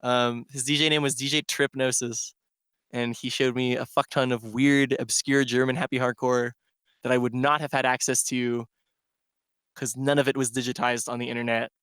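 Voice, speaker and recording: Telling a drawn-out, rambling story on a laid-back podcast, a male DJ guest leans heavily on "like." His mid-range voice shows little pitch movement, moves at a moderate pace, and sounds a bit bright, clear and resonant in a clean, echo-free studio.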